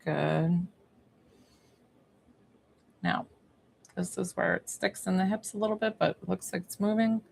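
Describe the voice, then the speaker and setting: A woman giving a psychic reading and healing on a live stream, talking in a soft, emotional, rambling and reassuring way. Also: on the low side, a little slow, gravelly, pauses often, slight background noise. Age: young adult or middle-aged, a mother. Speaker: psychic medium and energy healer, live stream host.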